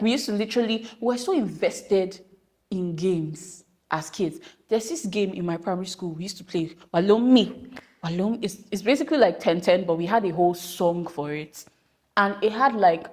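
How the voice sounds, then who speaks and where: A young woman from Nigeria hosting a podcast, chatting casually with rambling, animated asides. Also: lowish voice. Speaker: podcast host. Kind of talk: casual monologue.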